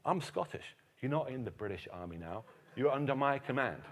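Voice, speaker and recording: A man's voice: mid-range voice, lively intonation, fairly quick, slight background noise, natural voice. A man voicing a stern commanding officer giving blunt orders in a clipped way.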